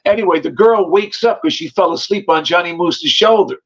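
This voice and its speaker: A man telling animated, tough stories from his past as a guest. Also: sits high, normal speed. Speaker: guest, former mobster. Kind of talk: storytelling. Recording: dull lo-fi sound.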